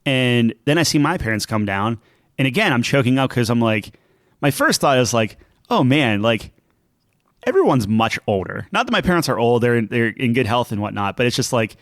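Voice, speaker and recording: A man's voice: medium pitch, expressive, fairly quick, a bit bright, dry recording, studio quality. Rambling young man on a podcast. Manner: rambling, lots of fillers and restarts. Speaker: podcast co-host. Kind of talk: casual chat.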